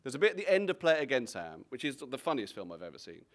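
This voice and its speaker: A man's voice: medium pitch, big pitch swings, rapid-fire. Guy chatting about films, rambly, keeps restarting sentences. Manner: rambling, self-interrupting, reflective. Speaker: guest comedian. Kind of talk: relaxed conversational anecdote.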